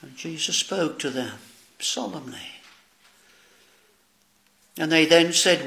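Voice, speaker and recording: A man's voice: fairly high pitch, animated, creaky, sharp tone. A man preaching a solemn sermon, addressing "dear friends" and quoting old-style scripture. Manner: slow, solemn preaching with archaic scripture phrasing.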